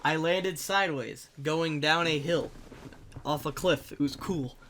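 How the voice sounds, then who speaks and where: A young man spins a comic personal story with animated, jokey delivery. His voice is bright and forceful, and it jumps into sudden loud bursts at the punchlines. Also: fairly high pitch, a little slow, a little hiss or hum.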